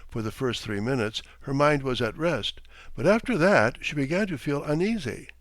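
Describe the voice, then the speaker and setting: A man reading a classic short story aloud in an expressive, measured narration. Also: medium pitch, dry recording. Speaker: audiobook reader. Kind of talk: audiobook narration.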